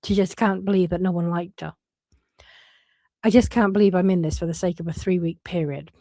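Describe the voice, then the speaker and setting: A woman's voice: fairly low pitch, fairly even intonation, fairly quick, warm tone, no echo. A woman giving frank, casual commentary and swearing freely, often breaking off and restarting her sentences. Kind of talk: casual commentary reading out messages.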